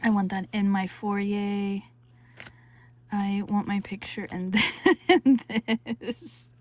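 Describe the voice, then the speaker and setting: Gushing woman with a slow delivery. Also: mid-range voice, fairly even intonation, darkish tone. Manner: gushing, breathless, drops into whispers. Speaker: crafting channel host. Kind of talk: excited unboxing vlog.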